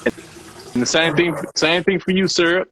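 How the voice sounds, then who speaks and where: A man with a somewhat high voice talks in an easygoing, profane way, laughing between his thoughts. He gives advice in a loose, conversational tone. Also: fairly even intonation, unhurried, a bit bright, slight background noise. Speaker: co-host. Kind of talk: casual chat.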